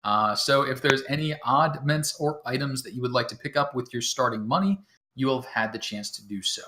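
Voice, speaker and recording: A man acting as game master, explaining the setup to his players in a relaxed way, with many fillers and chuckles. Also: medium pitch, a little fast. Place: home, talking over voice chat.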